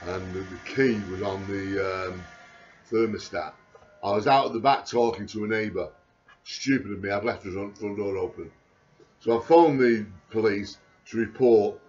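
A man, rambling through a video diary in a somewhat low voice. He talks in a halting, anxious way, stumbling and repeating himself. The recording is dull and lo-fi, with a faint hum of the room behind him. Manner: halting, repetitive, many restarts and fillers. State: anxious and panicky.

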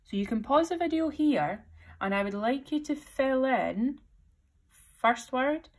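A woman's voice: high voice, animated. Primary teacher, woman, storybook read-aloud, patient step-by-step delivery. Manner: slow, step-by-step instructions. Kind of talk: reading aloud and giving class instructions.

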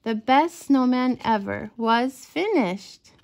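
A woman's voice: on the high side, expressive, slow pace, vocal fry, a little mellow, full character voice. A woman voicing a friendly, cheerful male otter in a storybook.

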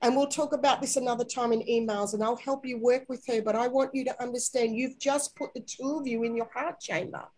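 A woman guiding a spiritual inner-child healing session, talking softly and slowly and coaxing with endearments. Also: fairly high pitch, fairly even intonation, poor audio. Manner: soft, slow, coaxing guidance with gentle endearments.

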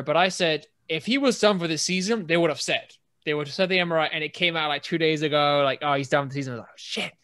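A man's voice: on the high side, bright, forceful tone, smooth. A British man co-hosting a podcast, telling stories in a rambling, chatty way with many restarts. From England. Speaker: podcast co-host. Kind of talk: casual chat.

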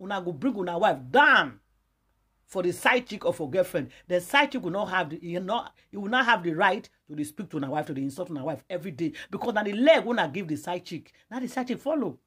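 A woman's voice: lowish voice, sing-song, fast, fairly bright tone, husky. A Nigerian woman giving emphatic gossip commentary as a vlogger, lecturing her viewers in a preachy, repetitive way.

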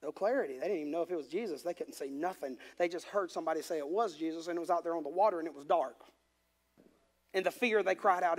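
A male pastor preaches in a church sanctuary, his voice pitched high for a man. He reads scripture aloud and breaks in with emphatic, conversational commentary. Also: quick pace. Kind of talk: sermon.

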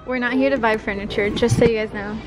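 A woman's voice: fairly high pitch, fairly even intonation, fast, very noisy. A young woman vlogging in a furniture store, talking to the camera in a chatty and playful way. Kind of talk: casual vlog chat.

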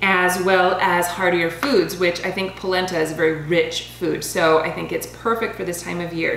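A woman in her thirties chatting casually as she reviews wines, bubbly and quick to laugh, stumbling over foreign names. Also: mid-range voice, a bit bright. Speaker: vlogger reviewing wine. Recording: roomy home recording with faint hum.

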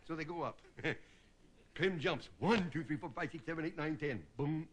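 A comedian in his fifties delivering a stand-up monologue, chuckling at his own gags and dropping into quick character voices. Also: fairly high pitch, fairly bright tone, a little hiss or hum. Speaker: comedian host. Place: television studio stage with live audience.

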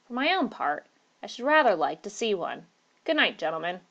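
Storybook: woman doing an unbothered old gentleman, calm and dismissive. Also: medium pitch, moderate pace, vocal fry, muffled recording.

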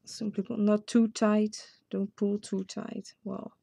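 A Dutch-accented woman walks viewers through a craft tutorial at an unhurried pace, chatting to herself as she works. Her voice is husky with a gravelly edge and a mellow, darker tone. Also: medium pitch, little pitch movement, no room sound. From Netherlands. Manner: chatty, self-talking while working. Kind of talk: casual step-by-step tutorial.

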